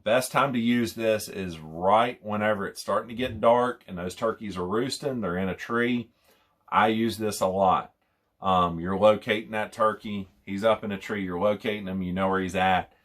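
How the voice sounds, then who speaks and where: A young man with a fairly low voice talks through hunting calls in a loose, rambling way. He repeats phrases and circles back as he demonstrates each call. The delivery is a casual how-to, not polished narration. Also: unhurried, fairly bright tone. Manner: rambling, repeats phrases, imitates owl hoots.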